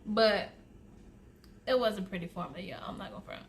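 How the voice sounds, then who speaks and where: Walking viewers through her makeup in a casual get-ready-with-me video, a chatty beauty vlogger laughs a lot and calls them y'all. She speaks fairly quickly at medium pitch, with slight background noise.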